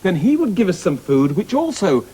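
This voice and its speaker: A man's voice: sits high, sing-song, normal speed, warm tone, husky. A man hosting a children's puppet show, theatrical and prone to giggling. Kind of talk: children's TV presenting.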